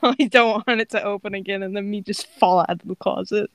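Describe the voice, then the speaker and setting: A woman co-hosting a casual podcast from a closet at home, excitable and going off on tangents. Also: mid-range voice, fairly quick, no echo. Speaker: podcast co-host. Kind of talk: casual chat.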